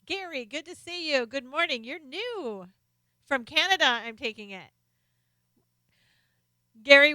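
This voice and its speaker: A woman's voice: high voice, bright, forceful tone, dry recording. A middle-aged woman hosting a casual live stream, chatting as she reads out viewers' names and comments, sometimes turned away from her desk mic. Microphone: desk microphone, sometimes off-axis.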